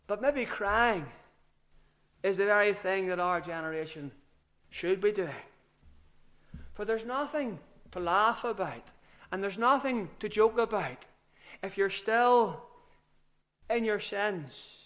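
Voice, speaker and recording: A man's voice: high-pitched, expressive, slow, pauses often, a bit bright. A man preaching an earnest, emphatic sermon with rising outbursts.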